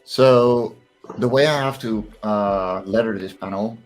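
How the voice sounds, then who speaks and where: A man with a fairly low voice co-hosts a casual online drawing stream, letting viewers hear his thinking as he letters comics live. A comic creator, he speaks at a measured pace over soft background music.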